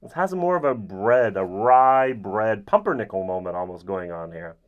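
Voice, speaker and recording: A man giving a casual, rambling whisky tasting review, often pausing with ums. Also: deep voice, dull audio. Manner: relaxed, rambling with frequent ums.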